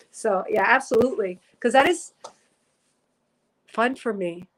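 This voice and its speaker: A woman's voice: on the high side, measured pace, long pauses, fairly bright tone, rough recording. A woman doing a spiritual livestream reading, speaking earnestly and emotionally, rambling and correcting herself as she reads viewer comments. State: teary, emotional. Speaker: psychic reader on a livestream. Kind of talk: casual spiritual livestream talk.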